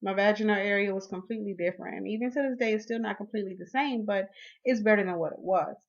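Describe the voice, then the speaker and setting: A woman in her twenties recounts her own story straight to camera in a mid-range voice. She gets animated and acts out the lines she and others said. The recording sounds dull and lo-fi. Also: medium pitch, fast talker. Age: 20s. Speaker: vlogger.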